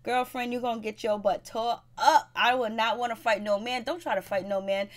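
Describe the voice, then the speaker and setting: A woman's voice: on the high side, steady tone, normal speed. A woman recapping a reality TV episode in a chatty, gossipy way, with blunt advice to viewers. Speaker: TV show recap host. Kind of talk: casual recap commentary.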